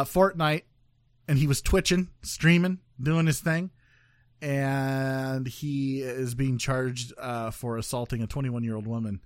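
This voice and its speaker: A man's voice: medium pitch, no room sound, studio quality. A man hosting a casual news podcast, joking and rambling with many fillers and restarts. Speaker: podcast host.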